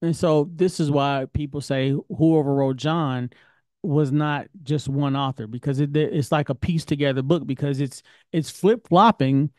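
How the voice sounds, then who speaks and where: A man's voice: on the high side, fairly even intonation, measured pace, a little mellow, no room sound, studio quality. A man teaching an informal Bible study lesson, talking in a conversational, questioning way. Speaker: Torah teacher.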